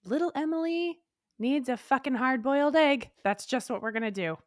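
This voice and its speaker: A woman co-hosts a candid podcast chat and speaks frankly and with energy, swearing freely. Her voice sits a little high. The recording is close and dry. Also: normal speed, no echo. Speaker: podcast co-host. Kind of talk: candid casual conversation.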